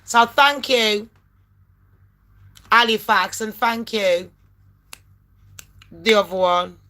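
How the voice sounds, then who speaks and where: A woman in her late thirties from England, telling a story in a brash, sweary and animated way and acting out phone calls in voices. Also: medium pitch. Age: late 30s. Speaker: vlogger. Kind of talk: casual storytelling rant.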